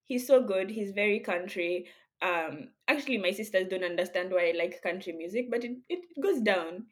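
A woman's voice: medium pitch, moderate pace. A woman co-hosting a podcast, from Kenya, talking in a playful, chatty way and laughing often. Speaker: podcast co-host. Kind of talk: casual chat among friends.

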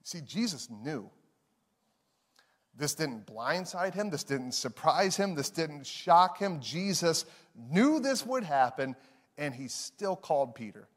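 A man preaching a sermon as a pastor, animated and emphatic, often repeating key phrases. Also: on the high side, slow pace, in a large hall.

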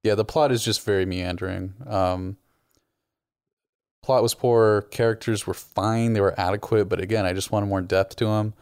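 A man co-hosting a casual movie review chat, giving opinionated, animated takes. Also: lowish voice, normal speed, clear, resonant tone, no echo, studio quality. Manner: opinionated, animated, frequent restarts. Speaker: movie review podcast co-host.

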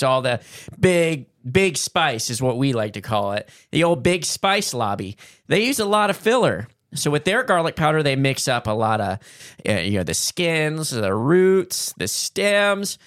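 A man co-hosting a podcast, chatting casually and reading an upbeat sponsor pitch. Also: fairly bright tone, no echo, studio quality. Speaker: podcast co-host. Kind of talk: casual chat and sponsor read.

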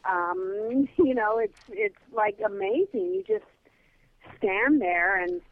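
A woman guest telling a lively comedy anecdote over the phone, full of fillers. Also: mid-range voice, slow. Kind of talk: casual storytelling on a call-in show. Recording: tinny phone line, dry.

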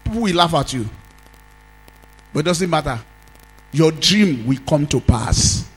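A Nigerian man, a pastor, preaching a sermon as a story, swinging from loud exclamations to low asides. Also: animated, a little slow, husky, low-quality recording.

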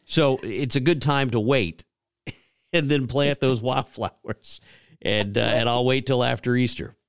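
A man's voice: mid-range voice, unhurried, creaky, clean tone, no room sound, clean studio sound. A man from Georgia, hosting a talk show in a folksy, rambling, storytelling way. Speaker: radio show host. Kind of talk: casual chat.

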